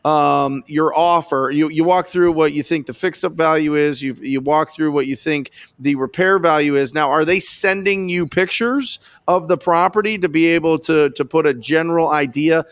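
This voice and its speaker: Dry, higher-pitched enthusiastic male host. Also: moderate pace, few pauses, smooth, no room sound. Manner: enthusiastic, praising, asks probing questions. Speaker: podcast host. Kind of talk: coaching interview.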